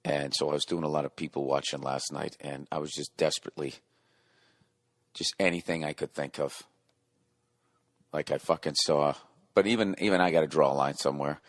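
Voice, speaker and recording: A man's voice: rumbling low, steady tone, brisk, pauses often, dry recording. A middle-aged man hosting a solo podcast, rambling in a profane, sarcastic rant. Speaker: podcast host.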